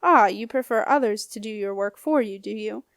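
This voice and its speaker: A woman's voice: mid-range voice, moderate pace, vocal fry, dry recording, clean studio sound, lightly acted. A woman reading an audiobook, voicing a scornful, menacing old male ghost with a snappish, growling manner. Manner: sneering, bullying.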